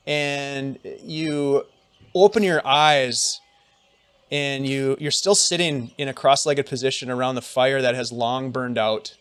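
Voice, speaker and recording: A man running a tabletop fantasy game as game master, narrating scenes in a slow, descriptive storytelling manner. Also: medium pitch, steady tone, fairly bright tone, clean tone, no room sound.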